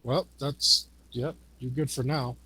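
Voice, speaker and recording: A man's voice: medium pitch, steady tone, takes it slowly, sharp tone, breathy edge, rough recording. A man narrating and running a tabletop horror game as game master, teasing his players.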